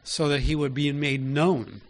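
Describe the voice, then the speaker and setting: A man's voice: fairly high pitch, unhurried. A man preaching a sermon in an easy, conversational way, often asking his listeners direct questions.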